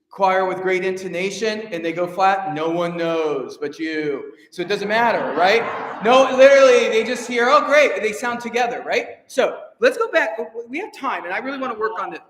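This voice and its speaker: A man directing a choir rehearsal, energetic and encouraging, counting the singers in and singing lines to them. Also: high-pitched. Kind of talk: rehearsal coaching. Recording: echoey hall, faint noise.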